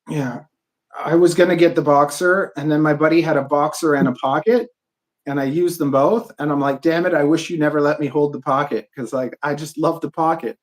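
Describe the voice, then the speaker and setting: A man's voice: a little high, fairly quick. Man, podcast host, casual chat, laid-back, laughs easily.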